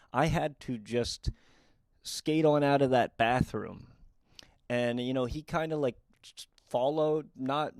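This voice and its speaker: A young man telling comic true stories in a quick, deadpan and wry way. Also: mid-range voice, dry recording, clean studio sound. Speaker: comedic storyteller. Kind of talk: storytime comedy monologue.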